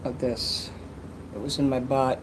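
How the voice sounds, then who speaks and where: A man's voice: mid-range voice, fairly even intonation, a little slow, noisy background. A man casually chatting on a livestream, reading donations and rambling with crude jokes and many restarts.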